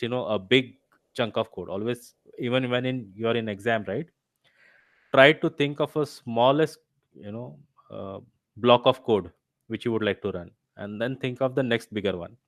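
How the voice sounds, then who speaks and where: A man's voice: medium pitch, normal speed, dry recording. A man teaching a live online revision session, explaining step by step and checking with his students as he goes. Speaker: instructor. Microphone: video call.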